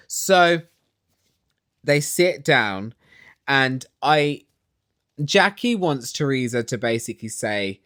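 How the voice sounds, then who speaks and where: A man's voice: on the high side, big pitch swings, measured pace, a bit bright, no echo, clean studio sound. Catty man recapping reality TV. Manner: catty, sarcastic, chatty. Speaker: recap vlogger. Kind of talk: casual TV recap.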